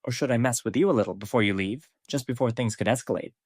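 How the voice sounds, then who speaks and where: A man voicing a cold, commanding male high-school fighter with calm questioning. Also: quick pace, slightly rough, no room sound, studio quality.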